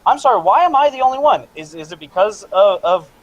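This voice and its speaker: Indignant high-voiced man arguing. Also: big pitch swings, quick pace, a little hiss or hum, poor audio. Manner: indignant, confrontational, stammering. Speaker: player. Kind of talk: in-character argument in a tabletop game.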